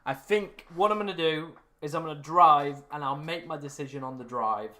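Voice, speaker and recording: A young man, his voice raspy and strained after hours of live streaming. He rambles and corrects himself as he chats to his viewers from home. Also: a little high, moderate pace, bright, forceful tone. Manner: rambling, self-correcting, talks to chat. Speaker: fantasy football streamer. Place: room at home.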